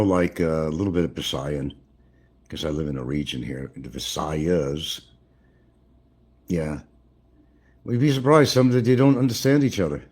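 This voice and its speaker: A deep, darkish male voice belongs to an older American chatting casually on a livestream at his home in the central Philippines. He rambles and chuckles as he answers comments from chat.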